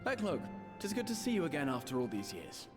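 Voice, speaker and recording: A courteous young scholar, lilting and formal, game cutscene with score underneath. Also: male voice, on the high side, wildly swooping pitch, fast talker, music in the background. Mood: pleading. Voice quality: formal, old-fashioned, courteous diction. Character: earnest young male scholar, formal and lofty. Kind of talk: video game cutscene voice acting.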